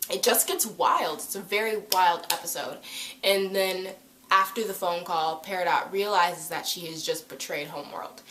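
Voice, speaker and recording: Woman vlogger, lower voice, chatty, rambling, filler words, faint background noise. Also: fairly bright tone. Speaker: YouTube episode reviewer. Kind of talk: casual chat.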